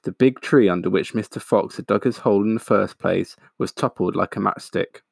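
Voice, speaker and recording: A man reading a children's picture book aloud, steady and expressive. His low voice has a gravelly fry, and the sound is dry and close. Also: fairly quick, dry recording. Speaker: storyteller.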